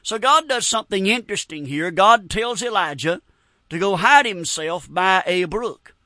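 Middle-aged preacher guy, high bright voice, earnest and folksy, dry close sound. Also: animated, normal speed, no room sound. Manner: earnest, folksy, quotes scripture in King James wording. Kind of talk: sermon.

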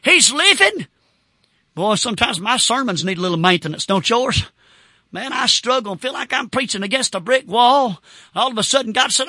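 Fervent high-voiced preacher man. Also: lively intonation, moderate pace, no room sound, clean studio sound. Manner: fervent, shouting bursts and whoops. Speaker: Baptist pastor. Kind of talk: sermon.

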